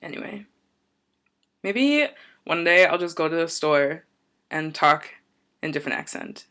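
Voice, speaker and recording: A woman's voice: sits low, big pitch swings, a little slow, a bit bright. A young woman talking casually to camera in a vlog, rambling and going off on tangents in an upbeat, chatty way. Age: young adult. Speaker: vlogger.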